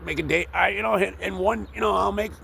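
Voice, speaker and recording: A man vlogging from a tree he's working on outdoors speaks fast in a high-pitched, bright, forceful voice with vocal fry. His monologue to the camera rambles, full of swearing and fillers, with a little hiss or hum in the recording.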